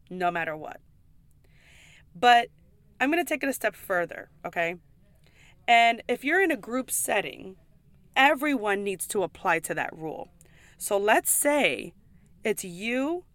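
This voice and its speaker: A woman's voice: medium pitch, fairly bright tone, dry recording. Woman, pub server, casual vlog; chatty and emphatic, swears, dry close sound. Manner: frequent "like" and "okay?" asides.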